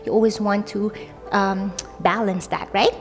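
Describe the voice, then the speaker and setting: A woman's voice: mid-range voice, steady tone, unhurried. A young woman teaching a yoga class in a casual, upbeat way, often adding "like" and "right?". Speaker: yoga instructor. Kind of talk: guided yoga class instruction. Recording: long reverb, faint music.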